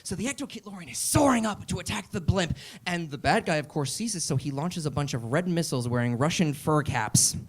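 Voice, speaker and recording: A man performing an excitable comedy monologue, often building up to shouts. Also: a little high, a little fast, hardly any pauses.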